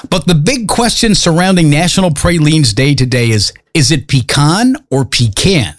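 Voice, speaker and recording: A man's voice: fairly high pitch, normal speed. A male radio DJ from Mississippi, chatting in a jokey, self-mocking way during upbeat radio banter. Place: radio studio.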